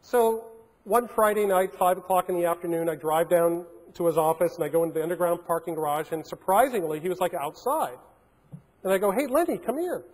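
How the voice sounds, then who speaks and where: A man giving a storytelling keynote talk to a conference, animated, with frequent restarts. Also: sits high, fairly quick. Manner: animated, acts out phone calls in changed voices, frequent restarts. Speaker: keynote speaker. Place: large conference hall. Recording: long hall reverb.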